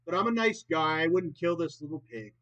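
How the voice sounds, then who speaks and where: A man in his late twenties vlogging in a rambling, profane monologue that swings between loud and soft. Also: a little high, animated, a little fast. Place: old property in the countryside. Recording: dull lo-fi recording.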